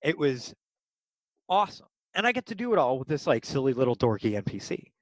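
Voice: mid-range voice, a little fast, no echo, poor audio. Enthusiastic game master, dry close sound. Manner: animated, enthusiastic, many fillers. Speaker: game master for kids' games. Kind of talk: casual interview storytelling.

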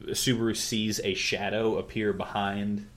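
A young man on a casual podcast, talking through a story in a fairly low voice. He narrates quickly and keeps slipping into quick impressions of the characters. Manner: animated storytelling, acts out character lines. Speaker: podcast co-host.

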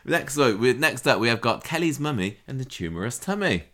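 A man's voice: mid-range voice, big pitch swings, brisk, sharp tone. A man co-hosting a podcast in casual chat, playful and laughing often. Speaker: podcast co-host.

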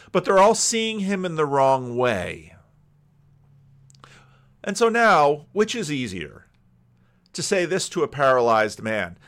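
A middle-aged male pastor preaching with a lively, animated voice that climbs and dips a lot. His pitch sits a little high for a man. He talks conversationally and often repeats a word while he thinks aloud. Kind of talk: sermon.

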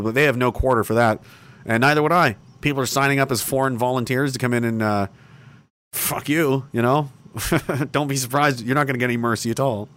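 A man hosting a livestream, ranting angrily with heavy profanity and mocking sarcasm. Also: mid-range voice. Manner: angry, profane and sarcastic, with bursts of mocking shouting. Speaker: livestream host.

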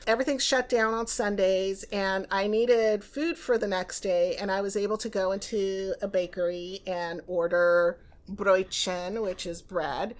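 A woman's voice: mid-range voice, fairly even intonation. Reflective American woman host. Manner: reflective, measured. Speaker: podcast host. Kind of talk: casual interview talk.

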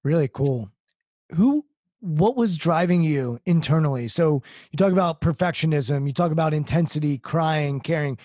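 A man's voice: fairly high pitch, lively intonation, normal speed, a little mellow, dry recording, studio quality. A man hosting an interview, asking curious follow-up questions. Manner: curious, follows up on the guest's answers.

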